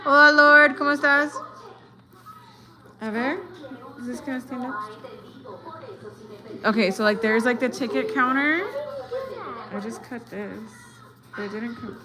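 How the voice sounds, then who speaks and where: A woman's voice: on the high side, unhurried, pauses often. A woman in her thirties with an American accent, chatting casually on a live stream, switching between English and Spanish and greeting viewers. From United States. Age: 30s. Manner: relaxed, hesitant with fillers while crafting. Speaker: livestreaming vlogger.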